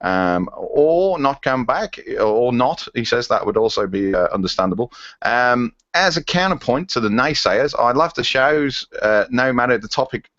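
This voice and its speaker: A man's voice: mid-range voice, animated, normal speed, a bit bright, no room sound, muffled recording. A man co-hosting a podcast, casually reading listener emails with plenty of ums and self-mocking asides. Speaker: podcast co-host.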